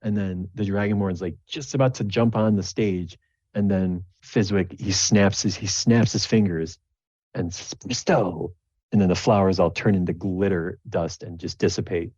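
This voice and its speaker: A man's voice: sits low, fairly even intonation, normal speed, darkish tone, dry recording, lo-fi sound. A man narrating as game master of a tabletop game, rambling and repeating words as he goes.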